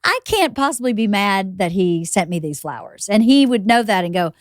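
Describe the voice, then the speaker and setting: A woman's voice: medium pitch, moderate pace, no room sound, clean studio sound. A woman in her thirties hosting a podcast, talking candidly and expressively in casual chat. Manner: candid, expressive, laughs easily. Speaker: podcast host.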